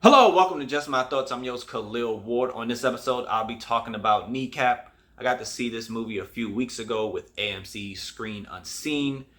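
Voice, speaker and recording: A man's voice: mid-range voice, normal speed, hardly any pauses, a bit bright, slight background noise. Casual rambling male movie reviewer. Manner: rambling, conversational, many restarts. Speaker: host.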